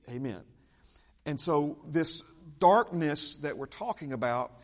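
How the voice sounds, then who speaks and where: Emphatic preaching man, slightly high voice. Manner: emphatic, repeats key phrases, asides to the congregation. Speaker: pastor. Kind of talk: sermon.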